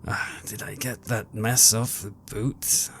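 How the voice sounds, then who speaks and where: A man voicing an older grandfather who speaks haltingly and stammers. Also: lowish voice, steady tone, slight background noise. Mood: groggy. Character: older grandfather, gruff worn-out father.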